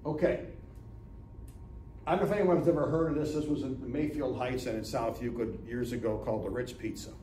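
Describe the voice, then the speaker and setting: A man's voice: medium pitch, fairly even intonation, a little fast, dark tone, a little hiss or hum. Older man telling stories in an echoey room. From Northeast Ohio, USA. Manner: chatty storyteller, acts out dialogue, keeps asking "right?". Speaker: guest speaker at a business lunch talk. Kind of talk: storytelling business talk. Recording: echoey room, mic from far off.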